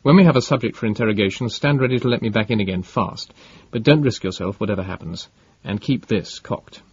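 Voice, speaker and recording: A man voicing a male detective who gives urgent, clipped orders and questions a captive with quiet firmness. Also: lowish voice, brisk, husky, no room sound, dull audio. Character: tense, commanding male detective in a fight.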